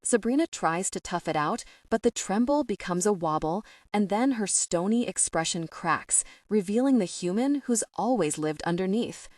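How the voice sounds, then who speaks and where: A woman narrating a young adult audiobook in a measured, steady storytelling voice on a close studio mic. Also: medium pitch, no echo. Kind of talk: scripted narration.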